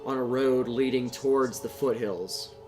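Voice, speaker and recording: A man narrating a tabletop game as game master, halting with many fillers and restarts. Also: medium pitch, fairly even intonation, a little mellow, soft background music.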